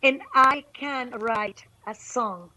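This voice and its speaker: A woman's voice: a little high, slow, crowd noise, rough recording. A woman from Mexico City with a Mexican Spanish accent, a singer-songwriter guest chatting expressively on a video call. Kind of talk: casual chat on a live stream.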